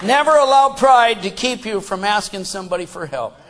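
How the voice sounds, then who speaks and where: A high-voiced male preacher in full sermon, folksy and plain-spoken. He swings from loud, shouted emphasis down to hushed asides. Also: lively intonation, moderate pace, crowd noise, noisy background.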